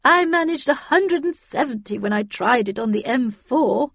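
A woman's voice: high voice, expressive, normal speed, gravelly, no echo, voice pushed up, exaggerated voice. A woman voicing an irascible old spinster who speaks curtly and dismissively. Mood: brusque. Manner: curt, sharp, dismissive. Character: irascible old car-mad spinster, brusque. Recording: dull dry lo-fi audio.

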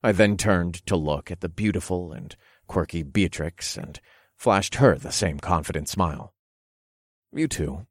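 Deep husky male narrator. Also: normal speed, no echo, studio quality. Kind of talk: first-person erotic audiobook narration.

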